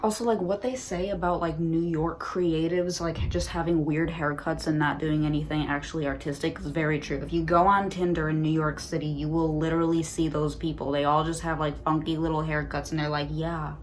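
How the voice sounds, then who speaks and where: Her voice sits low and her tone stays level as she talks briskly, barely pausing, with slight noise in the background. She's a twentysomething vlogger at home addressing her phone on a tripod, rambling casually with lots of "like" and sarcastic, profane comments.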